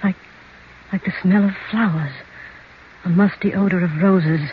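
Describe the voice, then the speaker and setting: Breathy trembling old widow voiced by a woman, slow and high, old radio play, muffled sound. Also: fairly even intonation, slight background noise, close to an everyday voice. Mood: frightened. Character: elderly widow, frail-hearted and frightened. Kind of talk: 1940s radio acting. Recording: dull lo-fi old radio recording.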